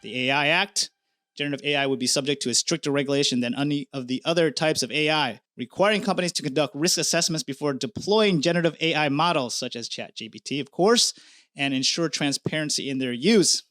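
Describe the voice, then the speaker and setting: A middle-aged man from the United States hosting a casual news commentary vlog, chatty and animated, talking straight to his viewers. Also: a little high, fast, dry recording, studio quality. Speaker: news channel host.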